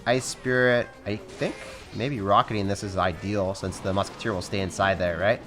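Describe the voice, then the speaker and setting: A young man giving fast, excitable live commentary over his own gameplay, calling out to viewers as guys. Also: lowish voice, over music. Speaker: game commentator.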